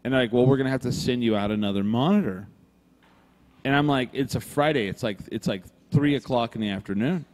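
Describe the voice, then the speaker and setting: A podcast co-host with a brisk, medium-pitched voice rambles through a story, recorded live in a brewery room where long reverb follows his words. He's animated and casual, swears freely, and voices the other people's lines himself.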